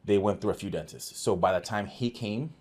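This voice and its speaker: Man, office manager guest, deep voice, slightly husky, earnest storytelling. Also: brisk. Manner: earnest, animated retelling with quoted dialogue and many restarts. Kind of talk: casual conversational storytelling.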